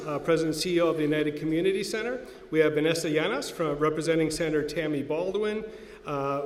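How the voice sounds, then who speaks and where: A man emceeing a community event, chatty and loose, ad-libbing as he works through a list of guests. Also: on the high side. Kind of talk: casual announcements. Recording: echoey hall, faint noise.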